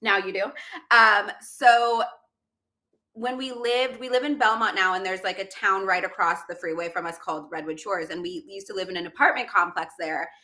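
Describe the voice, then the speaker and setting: Bright-voiced woman chatting on a podcast. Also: medium pitch, normal speed. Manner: chatty storyteller, laughs often. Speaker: podcast host. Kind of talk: casual chat.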